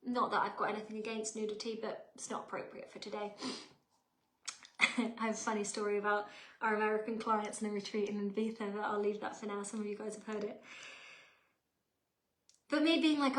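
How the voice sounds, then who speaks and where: A woman's voice: medium pitch, fairly even intonation, fairly quick, a bit bright. A woman in her thirties with an English accent, giving a chatty, emphatic live workshop talk as a mindset coach and often checking in with her viewers. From England. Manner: chatty and emphatic, often asking the audience "right?". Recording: roomy echo.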